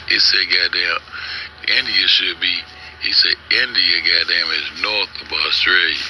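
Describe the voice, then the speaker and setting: A man's voice: low voice, normal speed, bright, forceful tone. A man hosting a casual online show, arguing and cursing in while reading search results aloud. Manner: argumentative, profane, reads search results aloud. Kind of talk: casual ranting commentary. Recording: noisy home recording.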